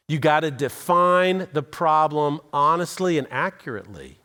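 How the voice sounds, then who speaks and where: Male pastor, high voice, conversational sermon, dry humor, church auditorium. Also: moderate pace, few pauses, sharp tone, clean tone. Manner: conversational storytelling, acts out quoted voices; dry self-deprecating humor.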